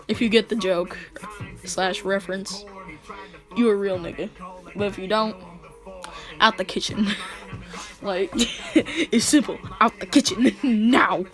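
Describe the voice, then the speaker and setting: A woman's voice: medium pitch, a bit bright. A woman casually telling a fan-fiction story in slangy, joking talk, often breaking into laughter.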